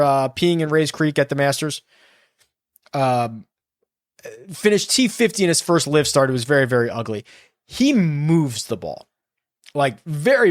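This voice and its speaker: A man talking through his picks on his own in casual, rambling sentences, stopping to correct himself as he goes. His voice sits at an ordinary pitch. The sound is dry and close, with no room echo. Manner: rambling, self-correcting, thinks aloud. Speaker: fantasy golf podcast host. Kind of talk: casual solo analysis.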